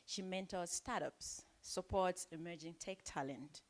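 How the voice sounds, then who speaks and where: A woman's voice: lowish voice, unhurried. A woman from Cameroon whose accent carries South African influence, hosting a live event in a chatty, playful way with frequent laughter.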